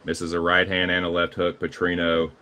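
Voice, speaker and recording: A man's voice: low-pitched, completely flat delivery, moderate pace, pushed and bright. A man with a Southern US accent calling live fight action play by play, casual and profane. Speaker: play-by-play commentator.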